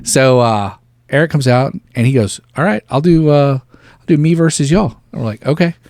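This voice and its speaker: A man's voice: mid-range voice, moderate pace, a little mellow, dry recording, studio quality. A man co-hosting a podcast, telling a gaming story in casual chat and laughing along. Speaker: podcast co-host.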